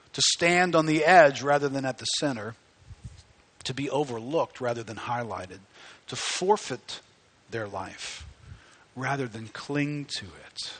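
A man preaching a sermon, animated and conversational, rising to near-shouts at high points. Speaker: pastor.

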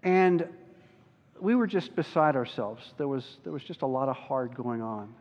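A man preaching a sermon as a pastor, earnest and slowing down on key words. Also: mid-range voice, expressive, a little mellow. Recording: dull recording with long hall reverb.

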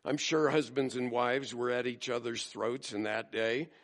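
A man's voice: mid-range voice, fairly even intonation, a little slow, a bit bright. A male pastor preaching a sermon in a conversational storytelling manner. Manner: conversational storytelling, acting out quotes.

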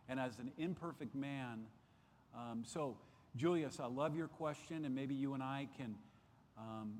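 A man's voice: medium pitch, long reverb tail, a little hiss or hum. A man teaching a Sunday school Bible lesson, earnest and repeating key phrases for emphasis. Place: church classroom.

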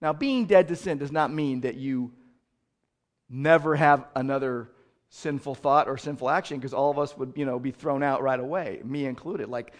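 A man preaching a sermon as pastor, swinging from loud outrage to quiet explanation. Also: high-pitched.

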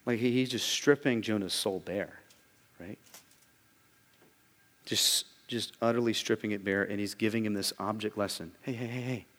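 A man's voice: fairly low pitch, steady tone, moderate pace, long pauses, fairly bright tone. A man preaching a sermon as pastor, emphatic, often repeating words as he starts a sentence. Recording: long reverb of a large hall.

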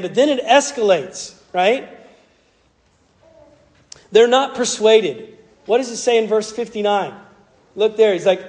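High-voiced Southern preacher in a reverberant hall. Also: male voice, moderate pace, darkish tone. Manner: earnest, conversational preaching. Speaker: pastor. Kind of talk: sermon.

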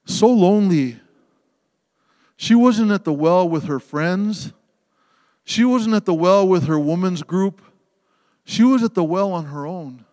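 High-voiced preacher in a reverberant hall. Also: male voice, animated, measured pace, pauses often. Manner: impassioned, swings from loud emphasis to hushed tenderness. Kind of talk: sermon.

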